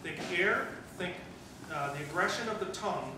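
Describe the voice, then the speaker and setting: Male band conductor, high voice, coaching tone, distant and echoey with room noise. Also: animated, normal speed. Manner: coaching, encouraging, sings note syllables. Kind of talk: band rehearsal instruction. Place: school band rehearsal room. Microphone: distant room mic. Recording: echoey room from far off, noisy.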